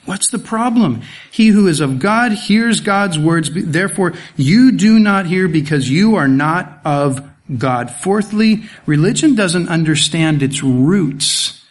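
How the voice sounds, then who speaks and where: A man preaching an expository sermon, animated, with rhetorical questions and sarcastic asides, at times dropping to a soft low voice for emphasis. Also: slow pace, few pauses. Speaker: pastor.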